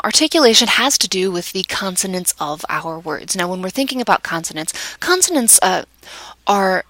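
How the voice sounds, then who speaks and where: A woman lecturing in a measured, explanatory manner, now and then restarting her phrases. Her voice carries a light gravelly fry, recorded dry with little room sound. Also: lowish voice, fairly bright tone, dry recording, rough recording.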